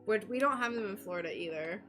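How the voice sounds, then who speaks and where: A woman's voice: medium pitch, animated, quick pace, over music. A young woman from North Carolina, chatting casually and rambling while she works on a livestream, giggly and a little self-conscious. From North Carolina, USA. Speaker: stained glass livestreamer. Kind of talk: casual chat while working.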